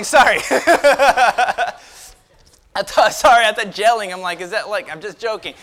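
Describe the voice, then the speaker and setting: A young man with a high voice and measured pace preaches to a youth group, with some chatter audible in the background. He is lively, quizzing the room with questions, cracking jokes and dramatically building up the story in this youth sermon.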